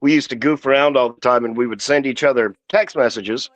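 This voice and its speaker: Brief: mid-pitched man, relaxed storytelling guest, dry and dull lo-fi sound. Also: fairly quick, no room sound. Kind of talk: casual livestream chat.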